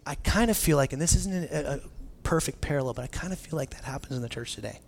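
A man's voice: fairly high pitch, lively intonation, quick pace, vocal fry, few pauses, a little hiss or hum. A man delivering a conversational sermon, his voice sitting a bit above the usual male range. He preaches casually and animatedly, often restarting his phrases and leaning on filler words as he talks to his congregation. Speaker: pastor.

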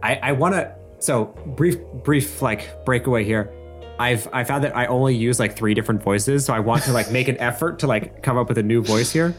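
A man's voice: medium pitch, brisk, soft background music. A man co-hosting in casual chat, rambling and filling his talk with restarts. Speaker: co-host.

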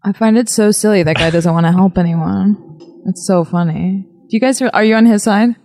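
A woman's voice: medium pitch, normal speed, dark tone, soft background music. A woman co-hosting a podcast, teasing her co-hosts and laughing often. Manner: teasing, laughs a lot, swears. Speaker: podcast co-host. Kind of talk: casual podcast chat.

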